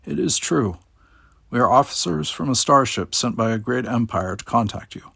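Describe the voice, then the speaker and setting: A man reading a calm, formal alien officer. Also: mid-range voice, moderate pace, gravelly, slightly rough, no room sound, studio quality, full character voice.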